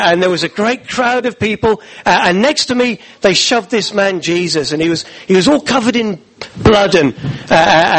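A man telling a Bible story in the first person in a church, halting and repeating words as he speaks. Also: high-pitched, fairly bright tone, low-quality recording.

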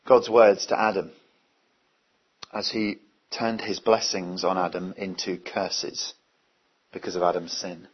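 A man's voice: low voice, little pitch movement, measured pace, long pauses, slightly rough. A man preaching a sermon earnestly, asking his listeners many rhetorical questions. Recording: dull, lo-fi recording.

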